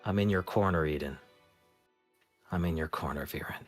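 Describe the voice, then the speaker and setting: A man narrating as game master of a tabletop role-playing game, speaking in a hushed, measured way. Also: faint music behind. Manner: slow, low and hushed when narrating, livelier in banter.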